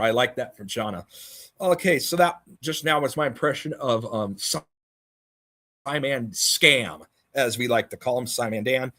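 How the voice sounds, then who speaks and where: A man's voice: mid-range voice, a little slow, pushed and bright. A man hosting a livestream, chatting casually and mocking others as he rambles. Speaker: livestream host. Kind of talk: casual chat.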